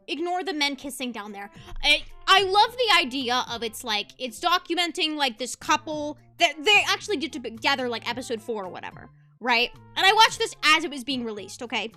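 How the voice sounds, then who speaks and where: A woman's voice: sits high, sing-song, normal speed, pushed and bright, soft background music. A young woman streaming as a VTuber, ranting passionately in casual commentary and laughing easily.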